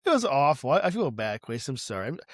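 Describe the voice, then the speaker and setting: A man's voice: medium pitch, big pitch swings, fast talker, no echo, clean studio sound. A man co-hosting a casual tech podcast, telling a rambling, exaggerated story with lots of restarts. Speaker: podcast co-host.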